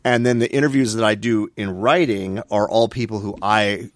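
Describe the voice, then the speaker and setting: Low-voiced man giving dry, measured answers. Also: steady tone, no echo. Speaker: podcast co-host and interviewer. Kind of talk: casual chat.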